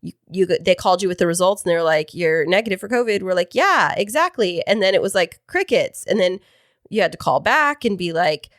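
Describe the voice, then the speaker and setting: A woman's voice: lowish voice, brisk, dry recording, studio quality. A woman co-hosting a casual podcast, talkative and teasing. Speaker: podcast co-host. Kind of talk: casual chat. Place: home podcast studio.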